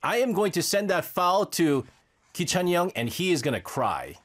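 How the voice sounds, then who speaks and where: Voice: medium pitch, moderate pace. Radio host goofing around on air, voice bouncing all over, laughs a lot. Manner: animated, teasing, breaks into laughter. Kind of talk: casual radio chat.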